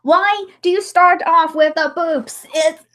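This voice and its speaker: A high-pitched young woman livestreaming as she edits. Her talk is loose and chatty, full of giggles and asides to herself. She muses out loud between tasks. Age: young adult. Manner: chatty, giggly self-talk with frequent laughs. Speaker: livestreamer editing a dramatic reading. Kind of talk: casual chat while editing.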